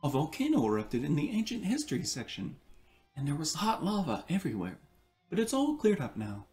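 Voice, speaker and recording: A man playing a brisk, kindly librarian. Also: fairly high pitch, wildly swooping pitch, darkish tone, soft background music. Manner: brisk and chatty.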